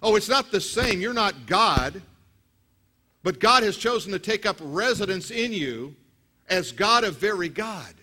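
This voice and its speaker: A man preaching a sermon as pastor, telling stories with acted quotes and lively delivery. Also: high-pitched, measured pace, breathy edge. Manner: storytelling, animated with acted quotes.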